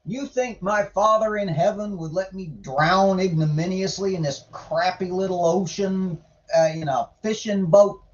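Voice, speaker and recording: A man's voice: sits high, a little slow, highs cut off, pitched above the performer's own voice. A man putting on an exasperated, sarcastic preacher woken from a nap, mocking his companions.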